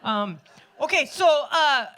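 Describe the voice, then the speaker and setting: A woman's voice: high voice, animated, slow pace, sharp tone, a little hiss or hum. A woman telling a rambling, self-deprecating comic story on stage at a live show. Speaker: storyteller performer.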